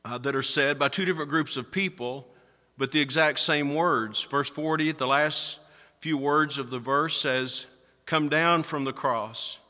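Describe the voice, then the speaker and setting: A male pastor preaching a sermon, slowing down and building up to stress key words. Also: fairly high pitch, sharp tone. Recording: echoey hall with long reverb.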